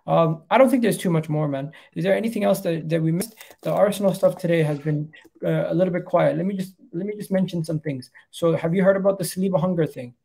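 A young man hosting a casual football chat, chatty and quick to laugh. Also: on the high side, creaky, dark tone, husky. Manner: chatty, laughs easily, breaks into impressions. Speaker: football channel host.

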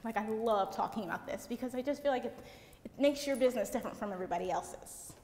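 A young woman giving a seminar talk, fast and chatty, laughing often, through a mic in a conference hall. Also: fairly high pitch, darkish tone. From United States. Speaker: seminar presenter. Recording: echoey hall with faint noise.

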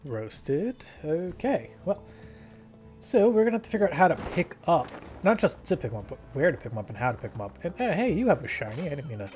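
A man's voice: on the high side, fast talker, faint music behind. Jokey man commenting on gameplay. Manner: jokey, animated, mock-British asides. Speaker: let's play host.

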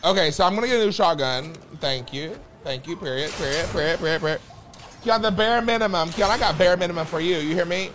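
A young man with a high-pitched voice chats through a game in a flamboyant, sassy, profane way, breaking into sudden loud outbursts. Faint game sounds play behind him. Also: expressive, fast, noisy background. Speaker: gaming streamer. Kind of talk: casual gameplay commentary.

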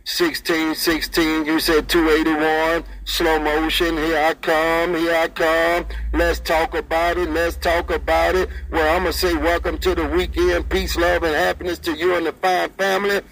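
A man's voice: a little high, flat delivery, a little slow, gravelly, hardly any pauses, fairly bright tone, poor audio. A man chatting over CB radio in a sing-song, repetitive rhythm, repeating call signs and friendly sign-offs. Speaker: CB radio operator. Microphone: CB radio handset.

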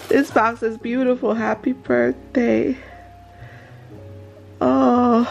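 A woman, gushing and gasping excitedly while unboxing gifts at home in a casual vlog. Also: a little high, slow, vocal fry, soft background music. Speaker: vlogger.

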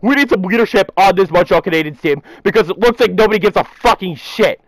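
A young man ranting furiously about his hockey team in a vlog, swearing constantly and climbing into shouts. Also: high-pitched, lively intonation, quick pace, dry recording, low-quality recording. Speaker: hockey fan vlogger. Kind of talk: angry rant vlog.

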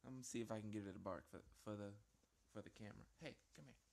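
A man giving live gameplay commentary at home, rambling and self-interrupting, jumping to squeaky panicked yelps and whiny pleading. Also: very fast, gravelly, a little mellow. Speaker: gaming video host. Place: at home with a small dog.

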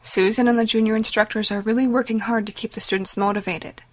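A woman voicing a mild-mannered, kindly male priest who speaks softly. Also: a little high, fairly even intonation, quick pace, close to an everyday voice. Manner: mild and soft-spoken. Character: gentle, jovial middle-aged male priest.

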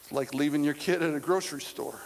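Male pastor with a high voice, conversational sermon delivery with humor, recorded in a reverberant church hall. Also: steady tone, quick pace. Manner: conversational preaching with humor and repetition; addresses the congregation directly. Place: church sanctuary with a congregation. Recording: long reverb of a large hall.

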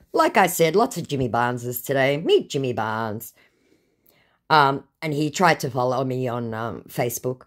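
A woman's voice: deep voice, a little mellow. Aussie lady retelling a scammer chat, sarcastic, voice jumps all over. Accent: Australian. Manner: sarcastic, mocking. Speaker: scam-baiting video host. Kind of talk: recounting a chat.

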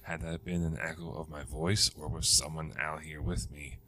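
A man narrating a ghost story in a measured, steady storytelling manner, with small restarts. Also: very deep voice.

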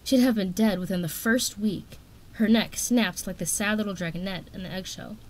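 A woman's voice: mid-range voice, moderate pace, darkish tone, slight background noise. Woman reading a storybook aloud. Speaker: audiobook reader.

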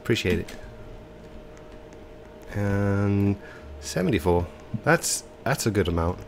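Slow-talking man with put-on English accent. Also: on the low side, lively intonation, slight background noise. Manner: hesitant, with frequent ums and self-corrections. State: stuffy, congested nose. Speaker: let's play host. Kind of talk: game commentary.

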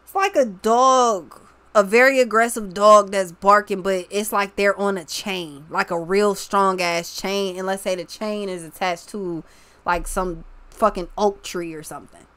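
A young woman giving a casual tarot reading, talking slowly and bluntly with lots of swearing and restarts. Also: medium pitch, fairly even intonation, fairly bright tone, clear, resonant tone. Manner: blunt, profane, slow and drawling with many restarts. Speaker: tarot reader.

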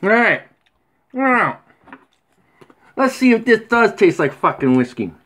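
A middle-aged man rambling crudely in a casual vlog, swearing constantly with rough humor. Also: sits high, very animated, takes it slowly, fairly bright tone. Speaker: vlogger. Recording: faint background noise.

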